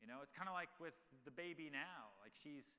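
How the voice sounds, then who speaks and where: A man's voice: a little high, lively intonation, a little fast, pushed and bright. A man in his thirties telling stories animatedly with many fillers in a live on-stage Q&A at a large event hall. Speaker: guest speaker.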